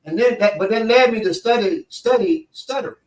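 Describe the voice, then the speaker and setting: A man, telling a story in casual talk and acting out quotes with big pitch jumps. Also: brisk, recorded from a distance. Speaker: show instructor telling a story. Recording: echoey room, voice off-mic.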